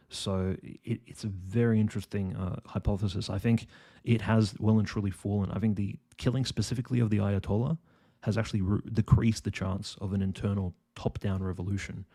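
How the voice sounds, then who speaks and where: A man's voice: on the low side, fairly even intonation, brisk, dark tone. A man co-hosting a casual online political discussion, talking in a hesitant way with many restarts and fillers. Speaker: co-host.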